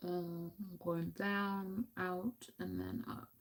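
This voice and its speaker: A woman's voice: lowish voice, little pitch movement, slow pace. A woman chatting casually through a makeup tutorial at home, giggly and full of goofy asides. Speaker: beauty vlogger. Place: home room.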